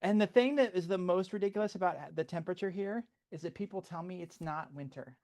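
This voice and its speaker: A woman's voice: fairly low pitch, fast, warm tone. A woman from Southern California, co-hosting a stream in a chatty, exasperated storytelling manner. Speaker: co-host. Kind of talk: casual chat.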